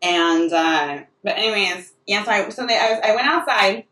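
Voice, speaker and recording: Bright-voiced woman rambling in an echoey room. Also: mid-range voice, normal speed. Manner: rambling and self-interrupting, full of restarts. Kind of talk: rambling comic monologue. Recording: echoey room, distant mic.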